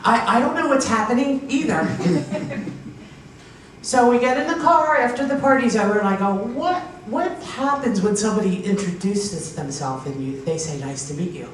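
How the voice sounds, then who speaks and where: A woman's voice: mid-range voice, lively intonation, normal speed. A woman from Pennsylvania doing a stand-up comedy set, telling stories and acting out the voices of the people in them. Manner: storytelling, acting out quoted voices, laughing at her own punchlines. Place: live comedy show with an audience. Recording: echoey hall recorded from far off with faint noise.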